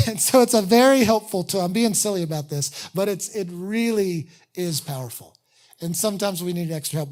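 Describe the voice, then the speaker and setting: A middle-aged pastor preaching in a casual, self-deprecating way, acting out people's inner voices as he goes. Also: high-pitched. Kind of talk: sermon.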